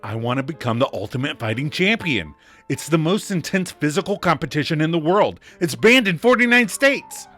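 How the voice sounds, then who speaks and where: A man playing a self-assured, grandiose rich boyfriend in a comic scene read-through, speaking slowly and deliberately. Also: on the high side, sing-song, a bit bright, soft background music. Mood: earnest.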